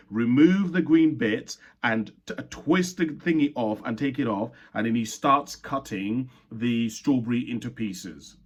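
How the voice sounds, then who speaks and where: A young man from Uganda telling a personal childhood story in a reflective way, with frequent repeats and fillers. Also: mid-range voice.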